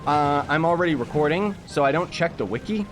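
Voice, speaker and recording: A man's voice: on the high side, expressive, brisk, faint music behind. A young man from Canada chatting casually while livestreaming a game, reading chat messages aloud and making jokey asides. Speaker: livestreaming gamer.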